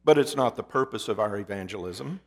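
Male pastor, sermon, dramatic pauses, loud then hushed, long church reverb. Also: on the low side, expressive. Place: church sanctuary.

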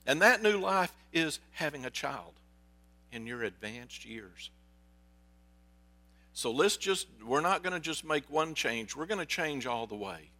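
A man's voice: on the high side, sing-song, slow, pushed and bright. A man preaching a sermon as a pastor, telling stories in a conversational way and asking his listeners questions. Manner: conversational storytelling, asks the congregation questions.

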